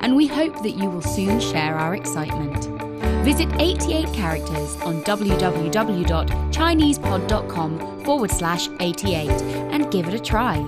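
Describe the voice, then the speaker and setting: A woman's voice: mid-range voice, big pitch swings, a little slow. A woman reading a scripted, persuasive promo for a language course. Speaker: ad announcer. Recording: loud music behind.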